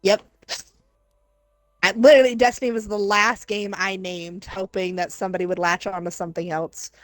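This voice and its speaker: A woman streamer chatting casually with friends while gaming, telling animated stories, mimicking people and laughing often. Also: moderate pace, no room sound. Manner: animated storyteller, mimics others in high voices, laughs often.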